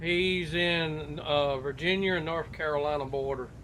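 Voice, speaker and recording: A man's voice: a little high, steady tone, a little slow, crowd noise. A man talking bluntly in a casual live-stream chat and swearing casually.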